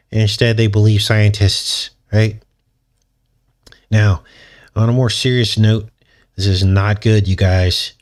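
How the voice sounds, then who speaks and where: A man hosting his channel, talking through a casual commentary monologue in a sarcastic, mocking way and chuckling often. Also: on the low side. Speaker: channel host.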